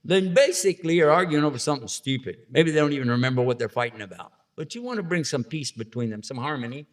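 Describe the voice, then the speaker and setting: A man's voice: mid-range voice, expressive, fast. Man giving a chatty religious lecture. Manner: storytelling, acting out little scenes with funny voices; conversational, asks the audience questions. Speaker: Islamic lecturer.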